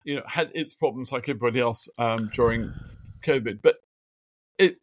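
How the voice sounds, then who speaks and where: A middle-aged biographer, appearing as a guest in a remote interview from his home office desk, tells stories in a medium-pitched voice at normal speed. His anecdotes are animated, packed with fillers and quotes he acts out in conversation.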